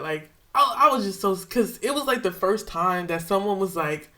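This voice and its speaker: A woman's voice: medium pitch, expressive, normal speed, few pauses, bright, forceful tone. A young woman vlogger casually retelling a personal story with slang and emotion.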